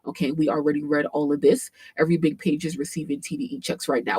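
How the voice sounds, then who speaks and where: Animated woman streamer, husky voice. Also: low voice, quick pace, hardly any pauses, no echo. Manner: animated, swears freely, frequent fillers, loud outbursts. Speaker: livestream host. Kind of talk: casual commentary livestream.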